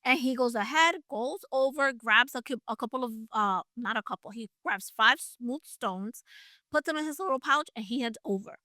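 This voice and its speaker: A woman's voice: a little high, moderate pace, bright, forceful tone, dry recording, studio quality. A woman retelling a Bible story in a casual, chatty way, with playful asides and emphasis.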